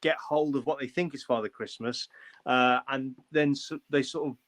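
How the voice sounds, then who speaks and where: A man's voice: mid-range voice, steady tone, moderate pace, a bit bright. A man speaking as a guest on a video-call livestream, hesitant, with many fillers. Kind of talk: casual chat on a livestream.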